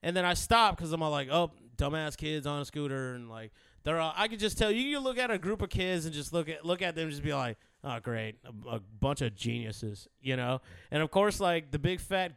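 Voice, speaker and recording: A man's voice: fairly high pitch, a bit bright, smooth, dry recording, clean studio sound. A man telling profane stories in a casual chat, rambling, laughing often and acting out the people in them.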